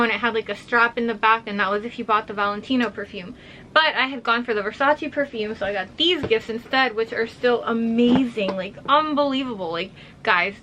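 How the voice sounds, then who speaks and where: A woman's voice: on the high side, muffled recording, a little hiss or hum. Breathless, chatty young woman vlogger. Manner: excited, chatty, heavy use of "like". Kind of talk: casual unboxing vlog.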